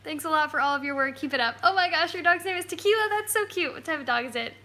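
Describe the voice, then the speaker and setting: A woman's voice: high-pitched, quick pace, sharp tone. A woman hosting a casual travel live stream from home on a phone, bubbly and giggly. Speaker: travel vlog host.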